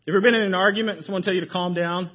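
A man preaching a sermon in a church, emphatic and full of rhetorical questions, often dropping his voice low to stress a point. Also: fairly even intonation, racing, highs cut off. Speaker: pastor. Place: church sanctuary.

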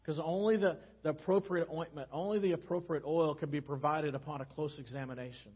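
Pastor, male, slightly high voice, gentle storytelling sermon, a little dull-sounding recording. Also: fairly even intonation, fairly quick, breathy edge. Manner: gentle storytelling, drops soft and low on key phrases. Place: church sanctuary.

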